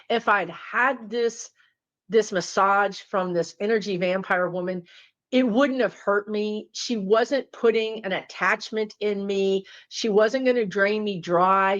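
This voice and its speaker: A woman talks straight to her viewers as a spiritual teacher, telling a story in a chatty, casual way. Her voice sits at an ordinary middle pitch. The recording sounds a little dull and lo-fi.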